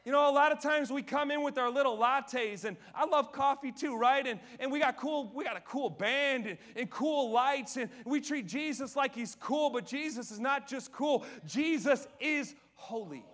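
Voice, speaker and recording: A man preaches from a church stage in a very high voice. He is energetic and swings from ringing declarations down to quiet, conversational asides. He keeps asking the crowd questions and then answering them himself. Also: normal speed, few pauses. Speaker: pastor. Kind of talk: sermon.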